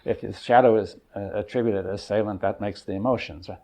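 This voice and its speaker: An older man leading a seminar, thinking aloud in a halting, searching way and often checking in with his listeners. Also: fairly low pitch, fairly even intonation, a little mellow. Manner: thoughtful, halting, often checks in with "right?" and "you see". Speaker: seminar leader. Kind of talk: exploratory seminar talk. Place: seminar room.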